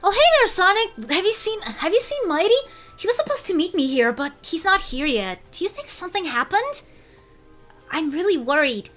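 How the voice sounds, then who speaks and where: A man voicing a worried little boy squirrel who frets in a quick, anxious way. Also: very high voice, very animated, pushed and bright, soft background music, pitched above the performer's own voice, exaggerated voice.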